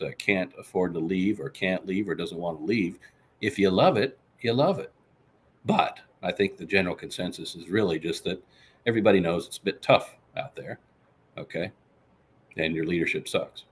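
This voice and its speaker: A man's voice: deep voice, fairly bright tone, slight background noise. A man hosting a casual live show, reading viewer comments and boasting about himself in the third person. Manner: reads out and answers viewer comments. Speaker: podcast host. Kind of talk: casual live-stream chat.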